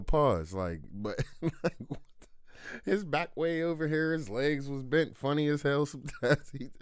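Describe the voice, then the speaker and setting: A man's voice: fairly high pitch, animated, a little slow, clear, resonant tone, no room sound, clean studio sound. A man reacting casually to a comedy clip, laid-back and slangy. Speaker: reaction streamer.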